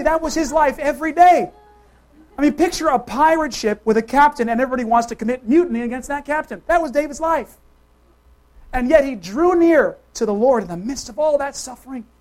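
A preacher giving a sermon, talking straight to the congregation with quick questions, swinging between loud emphatic calls and soft, hushed asides. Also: high voice.

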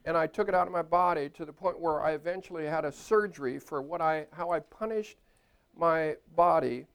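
A man's voice: a little high, a little fast, gravelly, smooth. Older male pastor preaching playfully. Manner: chatty and playful, laughing at his own jokes. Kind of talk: sermon. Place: church.

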